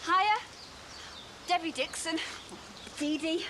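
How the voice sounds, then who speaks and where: An actress playing a brash, chatty woman neighbour, calling out loudly and drawing her words out. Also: extremely high pitch. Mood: brassy. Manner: loud, brassy, drawn-out calls. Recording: noisy TV broadcast sound.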